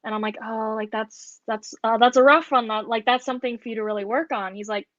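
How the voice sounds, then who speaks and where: Young woman talking casually, like like like, kinda high voice, muffled dry sound. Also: steady tone, brisk, fairly bright tone, no room sound. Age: young adult. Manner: rambling storytelling, heavy on filler words. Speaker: podcast co-host. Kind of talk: casual chat.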